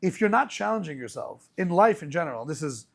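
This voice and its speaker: A man hosting a podcast as a rabbi, telling stories in a casual, animated way with many restarts. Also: on the high side, fairly quick, creaky. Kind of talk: casual conversational storytelling.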